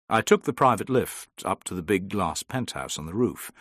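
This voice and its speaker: A man reading a first-person adventure audiobook in a measured storytelling manner. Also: low-pitched, animated, fairly bright tone, no echo, studio quality. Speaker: audiobook narrator.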